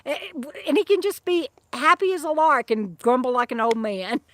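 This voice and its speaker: A woman's voice: sits high, moderate pace, a bit bright, no room sound. A middle-aged woman vlogging from her van campsite, chatting loosely with viewers, often restarting her sentences and breaking off to fuss over her dog. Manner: rambling and chatty, with many restarts and fond asides to her dog. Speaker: vlogger and author living in a van. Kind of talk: casual livestream chat reading viewer comments.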